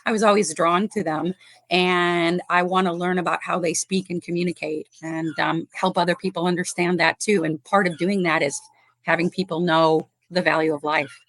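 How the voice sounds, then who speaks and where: A low-ish, steady voice at a moderate pace, dryly recorded, belongs to a Chicago animal rescuer appearing as a podcast guest. The conversation is relaxed; she's chatty, warm, quick to laugh, and full of fillers.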